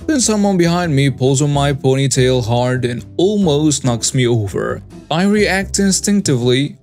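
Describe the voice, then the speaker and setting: A man narrating first-person stories as the host of a story channel, reading in a steady scripted way. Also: mid-range voice.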